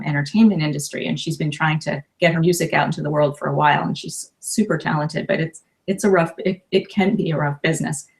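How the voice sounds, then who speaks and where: With a deep, gravelly voice, a woman in her fifties who works as a life coach and author talks in a relaxed interview. She is warm and emotional, frequently starting over mid-thought.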